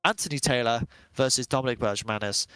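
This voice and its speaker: A man doing live esports commentary, chatty and jokey, quick to laugh as he calls the action. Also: medium pitch, a bit bright, smooth, no echo.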